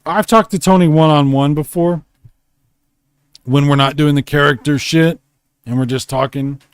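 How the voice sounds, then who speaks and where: A man's voice: on the high side, steady tone, moderate pace, smooth, no echo, clean studio sound. A man hosting a casual late-night stream, drunk, rambling and swearing as he reads chat aloud from home. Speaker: streamer host. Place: home room.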